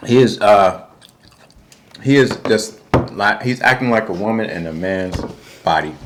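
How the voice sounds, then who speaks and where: A man co-hosting a casual reality TV recap, animated and slangy, jumping into a high voice to act out quotes. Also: a little slow, noisy background. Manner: informal, slangy. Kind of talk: casual recap chat over a meal.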